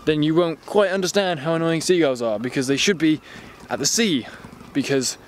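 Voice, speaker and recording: A man's voice: on the high side, normal speed, a little hiss or hum. An English man casually reviewing a camera lens in a rambling, jokey, sweary vlog chat.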